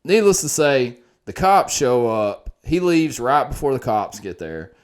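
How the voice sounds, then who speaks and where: A man casually telling a wild story on a podcast, animated and profane, his voice swinging from loud to quiet. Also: medium pitch, a little slow.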